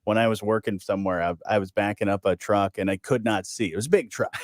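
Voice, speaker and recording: A man's voice: lowish voice, fast talker, dry recording, clean studio sound. Upbeat jokey male radio co-host. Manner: upbeat, jokey, self-deprecating. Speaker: radio morning show co-host. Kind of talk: casual radio banter.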